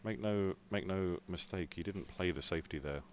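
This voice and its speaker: A man commentating a pool match in a relaxed, analytical way. His voice sits very low. A faint background hum runs under the commentary. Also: normal speed. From Scotland. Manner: chatty, analytical, jokes around. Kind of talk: live sports commentary.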